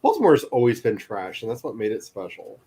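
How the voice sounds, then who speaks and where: A man's voice: mid-range voice, huge pitch swings, a little fast, dark tone, husky. A man in casual chat, teasing his friends and telling long, rambling stories. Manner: teasing, rambling anecdotal storyteller.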